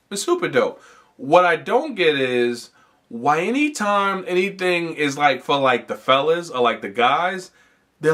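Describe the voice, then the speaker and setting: A young man hosting a comedy podcast, ranting casually with lots of swearing, restarts and animated asides. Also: medium pitch. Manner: profane, animated, rambling with frequent restarts. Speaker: podcast host.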